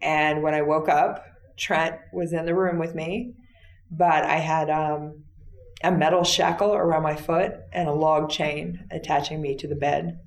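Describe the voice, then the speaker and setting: A woman interview guest retelling a personal story in a plain, halting way with fillers. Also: sits low, steady tone, reverberant.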